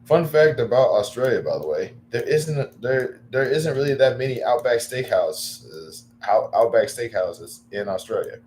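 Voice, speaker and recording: A man chatting casually on a livestream, rambling with lots of fillers and breaking into excited bursts. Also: medium pitch, moderate pace, hardly any pauses, a little hiss or hum.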